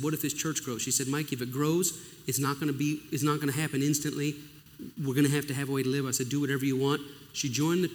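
Man preaching in a reverberant hall. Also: medium pitch. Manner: emotional storytelling with acted-out dialogue. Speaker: pastor. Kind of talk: sermon testimony. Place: church or conference hall. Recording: long reverb of a large hall.

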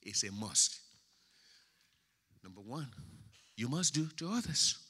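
A male pastor preaching a sermon, swinging from quiet, drawn-out words to loud, emphatic lines. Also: medium pitch, very animated, breathy edge. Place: church sanctuary. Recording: church hall with long reverb.

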